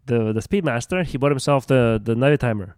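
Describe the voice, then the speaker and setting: A man's voice: mid-range voice, a little fast, darkish tone, clear, resonant tone, no room sound, studio quality. A man co-hosting a podcast in casual chat, rambling through his story with restarts and casual swearing. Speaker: podcast co-host.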